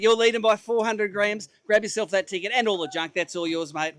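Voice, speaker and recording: A man's voice: high voice, steady tone, fairly quick, fairly bright tone. An Australian man emceeing a fishing tournament weigh-in outdoors, chatty and upbeat with the anglers. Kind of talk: live tournament emcee banter. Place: outdoor waterside stage.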